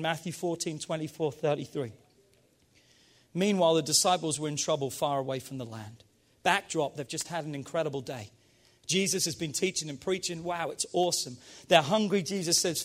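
Male pastor, high-pitched voice, fervent emphatic sermon delivery. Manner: energetic, emphatic preaching with call-and-response urging.

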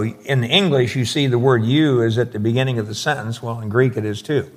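A man's voice: mid-range voice, moderate pace. A man preaching a verse-by-verse sermon, explaining scripture with emphatic, folksy asides.

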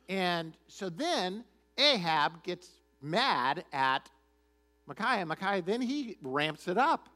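Animated high-voiced male pastor. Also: slow. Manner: animated, chatty, conversational. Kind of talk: sermon storytelling.

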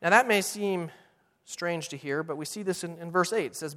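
A middle-aged man preaching a sermon in a church, earnest and emphatic, slowing down to read scripture. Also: fairly high pitch, fairly bright tone. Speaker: pastor. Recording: long hall reverb.

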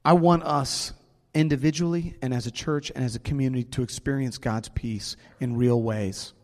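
A man preaching a sermon as pastor, earnest and slowing down to stress key words, in a church sanctuary. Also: medium pitch, steady tone, a little mellow. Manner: earnest, slows down for emphasis. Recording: long hall reverb, faint music.

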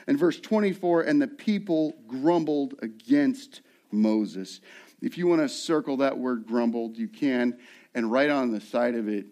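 This middle-aged lead pastor speaks at medium pitch, preaching with animation and performing the voices of the characters he describes.

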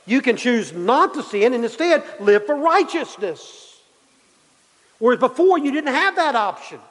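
Emphatic preacher in a reverberant sanctuary. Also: male voice, very high voice, very animated, a little slow, fairly bright tone. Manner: preaching with climbing intensity and emphatic repetition. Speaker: pastor. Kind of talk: sermon.

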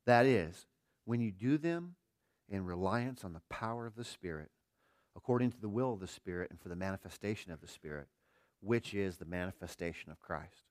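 A middle-aged man preaching a sermon as pastor, earnest, firing rhetorical questions and swinging between quiet and emphatic delivery. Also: low voice, lively intonation, a little fast, dry recording, clean studio sound.

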